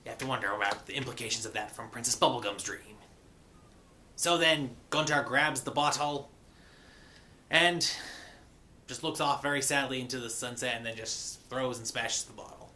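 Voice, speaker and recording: A man recapping and reviewing a cartoon episode in a loose, chatty way. His voice is bright and forward. He sprinkles in mock pirate grammar and filler sounds. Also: mid-range voice, steady tone, moderate pace.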